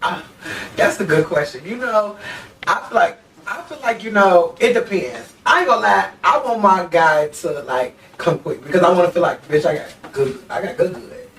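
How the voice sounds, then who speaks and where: Flamboyant, playful man, a bit high. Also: animated, moderate pace, a bit bright. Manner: flamboyant, playful, laughs often, addresses listeners as y'all. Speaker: guest musician and reality TV personality. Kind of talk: casual interview chat. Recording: distant mic with faint background noise.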